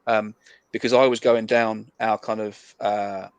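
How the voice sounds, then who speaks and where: A man's voice: on the low side, little pitch movement, a little slow, clear, resonant tone, no room sound. A man with an English accent, a salesman talking in a friendly, persuasive way with many fillers over a video call. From England. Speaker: sales rep on a practice cold call. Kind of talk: casual sales chat.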